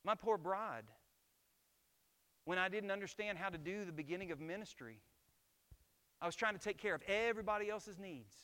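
A man's voice: sits high, moderate pace, long pauses, sharp tone. A middle-aged man preaching a sermon as pastor, emphatic and asking the congregation rhetorical questions.

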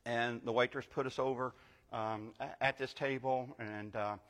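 A man's voice: mid-range voice, steady tone, measured pace, fairly bright tone, in a large hall. An older man giving a sermon as guest pastor, telling a story conversationally and building to emphatic preaching. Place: church sanctuary.

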